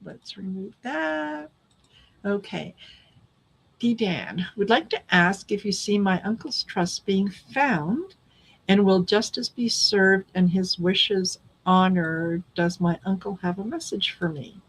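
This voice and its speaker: A woman's voice: mid-range voice, slow, breathy edge, rough recording. A woman hosting a live tarot reading stream, chatting casually and calling out viewers by name. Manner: friendly, calls out viewer names.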